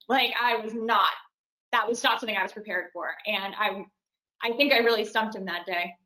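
A woman's voice: mid-range voice, steady tone, normal speed, bright, forceful tone, roomy sound, low-quality recording. A young adult woman, an actress and singer, chatting animatedly in an interview and laughing now and then. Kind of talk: casual interview.

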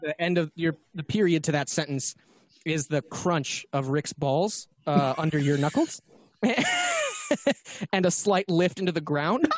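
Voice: mid-range voice, huge pitch swings, unhurried, dry recording. A game master running a tabletop role-playing game over an online call, rambling, interrupting themselves and laughing often. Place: remote call.

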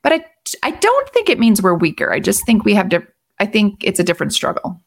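A middle-aged woman talking as a guest in a relaxed, thoughtful conversation. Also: mid-range voice, brisk, slightly rough. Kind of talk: casual conversation.

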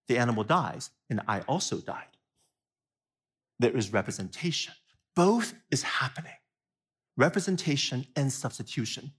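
A man preaching a sermon, animated, often asking his listeners questions. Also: medium pitch, husky. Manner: animated, asks the audience questions, laughs at himself. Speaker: pastor.

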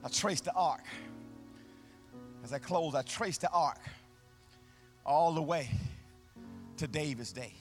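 A man pastor preaching a sermon live in a church, with a call-and-response, sing-song delivery that swells into shouts, and folksy, colloquial phrasing. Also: a little high, slow, pauses often, faint music behind. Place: church sanctuary, live service.

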